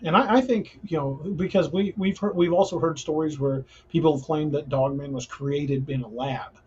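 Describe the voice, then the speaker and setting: A man's voice: on the high side, normal speed, a little mellow, highs cut off, a little hiss or hum. A man hosting a casual paranormal podcast, talking earnestly and restarting his sentences often. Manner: rambling, frequent restarts, earnest. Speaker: podcast host.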